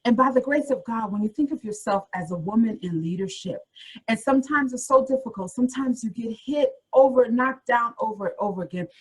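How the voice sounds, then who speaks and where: Woman career coach, slightly husky tone, encouraging motivational webinar delivery, speaks straight to listeners. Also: a little high, brisk, poor audio. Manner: encouraging, repeats phrases, addresses listeners directly.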